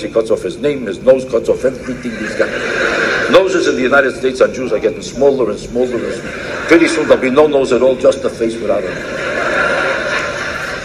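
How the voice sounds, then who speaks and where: Fast mocking male comedian. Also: medium pitch, a little hiss or hum. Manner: emphatic, mocking, rapid-fire delivery. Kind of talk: archival comedy monologue.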